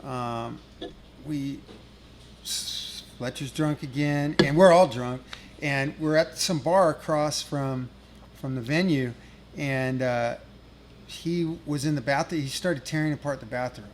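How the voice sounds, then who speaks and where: A man's voice: mid-range voice, slow, a little hiss or hum. A middle-aged man telling a rambling, profane touring story as a guest musician, laughing at his own tale. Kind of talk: casual storytelling.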